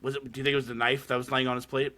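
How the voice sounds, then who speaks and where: Speaking rapid-fire in a level, medium-pitched voice with a sharp tone, a podcast host casually recaps a horror short film. He swears freely and leans on plenty of fillers.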